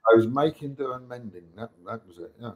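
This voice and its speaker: A man's voice: medium pitch, quick pace. A man, telling rambling anecdotes as a guest on an online interview show and acting out the lines he quotes. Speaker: guest musician.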